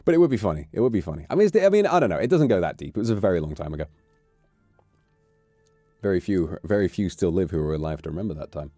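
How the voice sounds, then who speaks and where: A man with an English accent chatting casually on a stream, rambling from joke to joke. His low, warm, mellow voice swings widely in pitch as he gets animated. The sound is dry and close. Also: fast talker, no room sound, soft background music. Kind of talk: casual chat.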